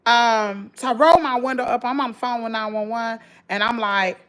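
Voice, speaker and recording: A woman's voice: fairly high pitch, normal speed, a bit bright, a little hiss or hum. A woman with a Southern US accent, telling an emotional story straight to her viewers in an emphatic, rambling way, full of restarts. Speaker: vlogger.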